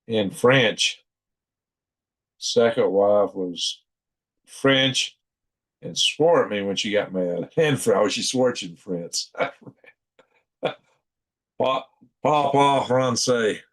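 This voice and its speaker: Slow, sleepy folksy man with a drawl. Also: lowish voice, fairly bright tone. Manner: drawling, folksy, chuckles often, reads chat aloud. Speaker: livestream host. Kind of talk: casual late-night livestream chat.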